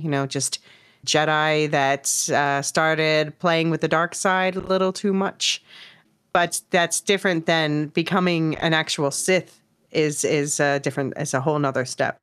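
A woman's voice: deep voice, fairly bright tone, clear, resonant tone. A woman hosting a podcast, chatty and explanatory, talking casually with a guest. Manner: chatty, explains terms, laughs easily. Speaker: podcast host.

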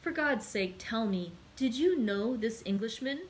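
A woman's voice: a little high, animated, unhurried, a little hiss or hum. A woman reading aloud as an earnest young man who speaks urgently. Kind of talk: read-aloud storytelling.

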